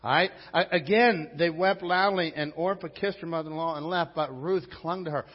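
Male pastor, fairly high voice, emphatic conversational preaching; muffled lo-fi sound with long hall reverb. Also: steady tone, brisk. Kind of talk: sermon.

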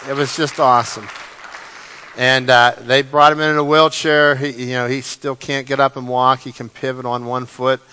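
A man preaching a sermon as pastor, animated, often repeating his words and acting out the lines of the story. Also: medium pitch, moderate pace, smooth, a faint crowd.

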